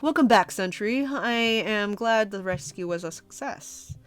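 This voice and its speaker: A woman voicing a calm, polite male pack leader who speaks in a measured, courteous way. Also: medium pitch, smooth, soft background music, close to an everyday voice.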